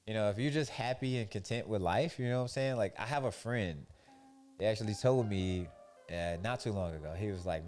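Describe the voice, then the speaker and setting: A young man with a fairly low voice talks casually about keeping your peace. He tells stories in a loose, animated way and slips into the voices of the people he quotes. Soft music plays faintly behind him. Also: fast talker. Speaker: podcast host. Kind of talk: casual faith-based monologue.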